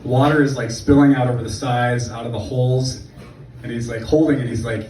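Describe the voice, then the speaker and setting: A man's voice: medium pitch, normal speed, a little mellow, a little hiss or hum. Man doing sarcastic stand-up, echoey club. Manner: sarcastic, rambling storytelling with asides. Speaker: stand-up comedian. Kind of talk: stand-up comedy set. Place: comedy club stage. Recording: echoey club room from far off. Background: audience laughter.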